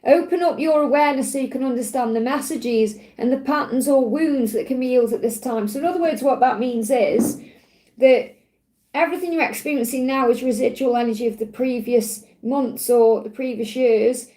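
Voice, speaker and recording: A woman with a Stoke-on-Trent accent, giving a gentle, chatty card reading on a live stream and answering viewers. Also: sits high, moderate pace, rough recording. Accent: Stoke-on-Trent English. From England. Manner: gentle, reassuring, chatty with frequent restarts. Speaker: tarot and angel card reader.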